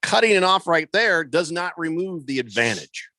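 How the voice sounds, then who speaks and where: A man's voice: fairly high pitch, lively intonation, moderate pace, pushed and bright, no room sound. A man hosting a sports talk radio show in a studio, chatting casually with lots of fillers and restarts. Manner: conversational, rambling with many fillers. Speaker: radio host. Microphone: studio microphone.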